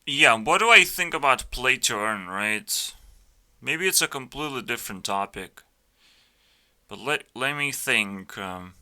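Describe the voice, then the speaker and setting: Slow, profane ranting man. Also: medium pitch, animated, bright, forceful tone. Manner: blunt, profane, full of fillers and restarts. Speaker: youtuber reacting to videos. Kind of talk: casual ranting commentary.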